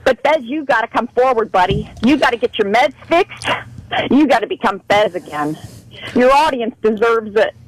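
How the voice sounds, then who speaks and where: Brief: fired-up female radio caller, high voice, pleading and profane. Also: lively intonation, moderate pace, no echo, poor audio. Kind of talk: call-in radio rant.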